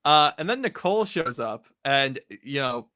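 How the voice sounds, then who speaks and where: A man's voice: mid-range voice, sing-song, moderate pace, pushed and bright, no room sound, clean studio sound. A man co-hosting a casual comic recap, rambling with lots of fillers and frequent laughter. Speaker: podcast co-host.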